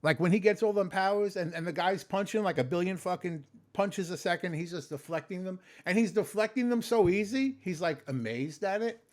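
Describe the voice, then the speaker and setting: A man talking casually in a late-night vlog, exhausted and sleepy, animated and rambling with plenty of swearing. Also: high-pitched, brisk, hardly any pauses. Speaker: vlogger, customer service phone agent.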